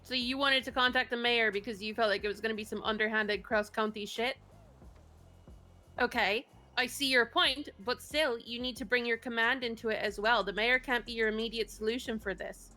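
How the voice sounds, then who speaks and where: Woman scolding down a phone line in roleplay, blunt and profane, crisp bright tone. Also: a little high, fairly even intonation, a little fast, faint music behind. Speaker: roleplay character from the mayor's office. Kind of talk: in-character roleplay phone call.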